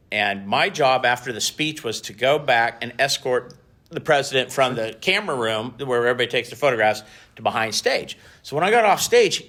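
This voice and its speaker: Casting: male podcast host, mid-pitched, animated and chatty, laughs through his anecdotes. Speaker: podcast host, industry association past officer. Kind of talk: casual interview chat.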